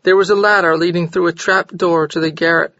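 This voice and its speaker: High-voiced male audiobook narrator. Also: fairly even intonation, a little fast, sharp tone, dry recording. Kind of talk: scripted novel narration. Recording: slightly dull dry recording.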